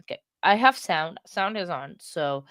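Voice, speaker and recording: A woman's voice: on the low side, expressive, a little slow, a bit bright, no echo, clean studio sound. A woman, casually chatting with her livestream chat, playful and giggly, a bit out of breath. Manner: giggly, playful, rambling with frequent laughs. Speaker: livestream host.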